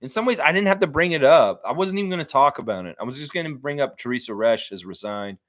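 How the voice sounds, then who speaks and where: Hosting a basketball fan live stream, a man chats casually, reads out viewer comments, and rants with the occasional swear word. He's animated and quick, slipping into high-pitched mock voices whenever he quotes someone, and there's no echo.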